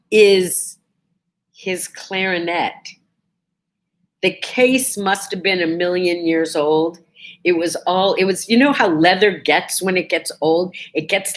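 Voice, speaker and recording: A woman hosts a casual morning vlog, telling a personal story in a chatty, animated way despite feeling a bit under the weather. Her voice is on the low side.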